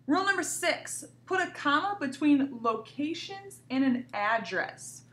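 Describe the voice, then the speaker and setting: A woman's voice: high voice, sing-song, a little slow, fairly bright tone, distant mic. A woman teacher giving a cheerful, encouraging grammar lesson to young children, speaking to them directly. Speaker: elementary school teacher. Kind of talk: recorded remote grammar lesson. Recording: echoey room, voice from off mic.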